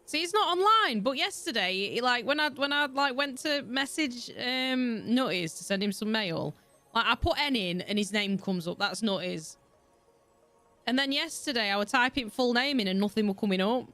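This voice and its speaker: A woman's voice: on the high side, animated, moderate pace. A young woman with a Yorkshire accent chatting casually and rambling while she streams a game, swearing freely and often laughing. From Yorkshire, England. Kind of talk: casual livestream chat while gaming. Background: soft background music.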